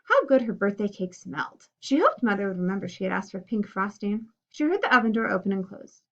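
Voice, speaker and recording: A woman's voice: medium pitch, sing-song, brisk, fairly bright tone. Woman reading a children's story expressively. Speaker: reader. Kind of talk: children's story read aloud. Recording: dull lo-fi recording.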